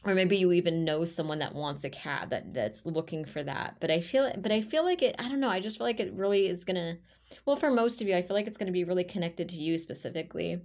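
A woman giving an intuitive tarot reading to her viewers, talking in a rambling, heartfelt way with many halting restarts. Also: on the low side, a little mellow. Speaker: tarot reader.

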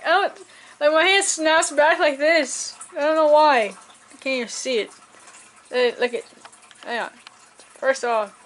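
Young woman hosting a reaction video, high voice, rambling and profane, handheld camera. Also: fairly bright tone. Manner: rambling, profane, laughs a lot. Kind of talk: casual reaction commentary.

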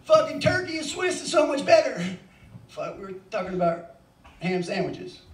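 Middle-aged male open-mic comic, crude, rambling and profane, with a high voice, caught from a distance in a roomy bar. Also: big pitch swings, moderate pace. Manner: crude, rambling, swears freely. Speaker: stand-up comic. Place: bar stage. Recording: echoey bar, mic far off.

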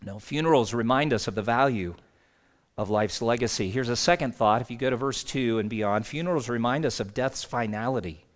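A man's voice: mid-range voice, brisk. A male pastor preaching a sermon in a conversational, anecdotal way.

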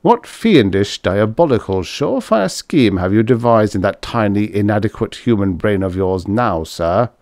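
A man's voice: fairly low pitch, lively intonation, normal speed, hardly any pauses, a little mellow, no room sound, studio quality. A man voicing a prim, condescending android servant who insults his owner in formal tones in a storybook reading.

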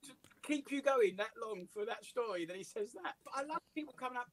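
An English comedian telling animated anecdotes with voices and laughs in a casual interview over a video call. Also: male voice, very high voice, fast talker, low-quality recording. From England. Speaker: comedian guest.

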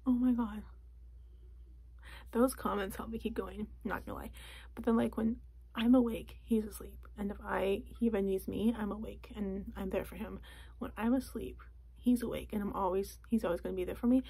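A young woman vlogging in a casual chat from a closet at home, talking softly and often slipping into a whisper. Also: medium pitch, fairly even intonation, normal speed, creaky, slightly rough. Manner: soft, often drops to a whisper.

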